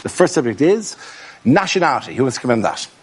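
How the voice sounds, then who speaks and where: A man's voice: mid-range voice, sing-song. Upbeat man hosting a comedy panel show. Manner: brisk, upbeat introductions. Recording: noisy studio with an audience.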